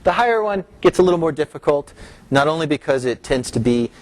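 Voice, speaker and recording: On the high side and a little mellow, this middle-aged man's voice is expressive and quick as he delivers an academic lecture. He goes step by step, raising his voice on key terms, with some restarts.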